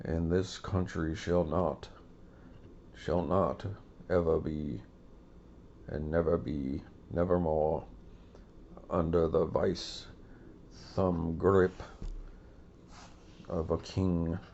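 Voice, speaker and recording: A man's voice: low voice, level tone, drawn-out words, vocal fry, pauses often, a little mellow, muffled recording, a little hiss or hum, pitched below the performer's own voice, exaggerated voice. A man putting on the voice of a pompous old male founding president who makes stately, theatrical proclamations. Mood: solemn.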